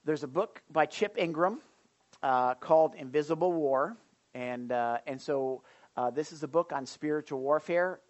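A middle-aged man pastor leading a church prayer and then giving announcements, folksy and animated with many fillers. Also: a little high, dull audio. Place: church service.

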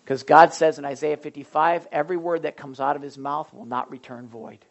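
A pastor preaching to a small group, talking straight to the people in front of him. His voice swings between loud, emphatic points and quiet asides. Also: fairly high pitch, steady tone, fairly quick, vocal fry, dull audio. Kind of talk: sermon to a small Bible study group.

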